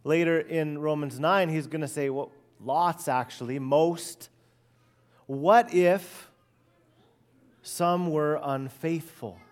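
An earnest middle-aged male pastor delivers a slow, deliberate sermon in a slightly higher-than-usual voice. He leans hard into emphatic points, then lets many phrases sink quiet and low at their ends. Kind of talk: expository sermon.

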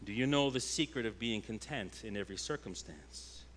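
A pastor preaching a sermon, a man whose delivery swings between loud, emphatic declarations and hushed, intense passages. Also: fairly low pitch, animated, normal speed, a little hiss or hum.

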